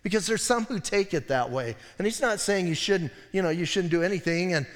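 A man's voice: high voice, fairly quick. Man preaching in a long-echoing church hall. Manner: conversational, self-interrupting preaching with wry asides. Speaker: pastor. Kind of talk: expository sermon.

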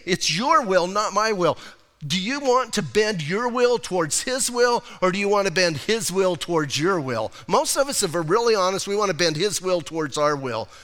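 An American male pastor preaches in a lively, conversational way, slipping into acted-out voices for quotes. His voice sits high and sounds bright and forceful. Long reverb from a church hall trails behind every phrase. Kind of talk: sermon. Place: church sanctuary.

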